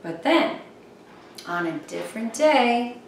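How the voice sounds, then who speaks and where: A woman leads songs and finger rhymes for small children, singing and chatting in a playful voice with little whoops. She talks slowly and sits a little high. Her voice comes from a bit away from the mic, in a strongly echoing room. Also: lively intonation, creaky, recorded from a distance, slight background noise. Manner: playful, sing-song, exclaims little whoops. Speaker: children's show host. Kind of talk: singing and rhyming for young children.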